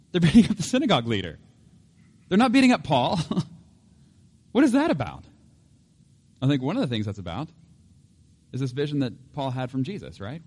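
A middle-aged man preaching with lively energy. He jokes, laughs often and slips into acted voices as he teaches, at a middle pitch. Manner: animated, joking, acts out voices, laughs often. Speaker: pastor. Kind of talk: sermon.

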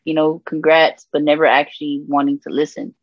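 A woman from Puerto Rico, a gospel rapper sharing her testimony as an interview guest, telling stories in lively slang and acting out the people she quotes. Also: sits low, brisk, no echo, muffled recording. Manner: animated storytelling with slang and voiced quotes. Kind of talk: candid conversational testimony.

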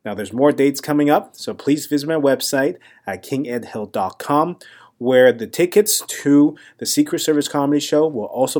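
A young adult man spins a casual story about himself as a comedian hosting his own show. He speaks at an ordinary, mid-range pitch with a dry, self-mocking delivery. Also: moderate pace, a little mellow. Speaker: comedian and podcast host.

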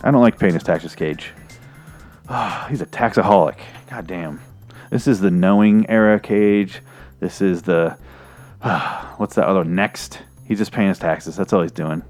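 A man's voice: sits low, unhurried, darkish tone, faint music behind. A man hosting a movie review show, rambling in an exasperated, profane rant. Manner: rambling, exasperated, swears freely.

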